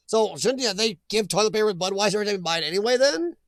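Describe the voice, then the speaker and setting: A man's voice: high voice, expressive, brisk, vocal fry, no room sound. A middle-aged man hosting a live chat stream, rambling and joking as he reacts to viewers' comments.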